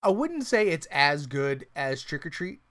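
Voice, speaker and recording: A casual podcast co-host who rambles through thoughts, full of fillers, restarts and easy swearing. The voice sits at an ordinary middle pitch and breaks into laughs often. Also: big pitch swings, unhurried, a bit bright. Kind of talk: casual chat about horror movies.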